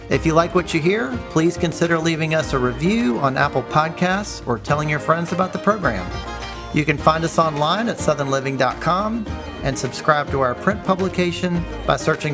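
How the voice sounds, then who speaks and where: Male host, slightly high voice, measured announcer read, plucked guitar underneath. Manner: polished, measured announcer delivery. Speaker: podcast host. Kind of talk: interview and scripted outro. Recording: music bed under voice.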